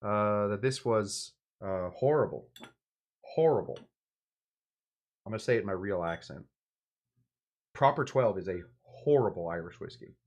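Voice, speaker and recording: A man's voice: on the low side, expressive, measured pace, pauses often, a little mellow, dull audio. A man hosting a casual drinks livestream, rambling and hesitant, bluntly critical of what he tastes. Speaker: livestream drinks show host.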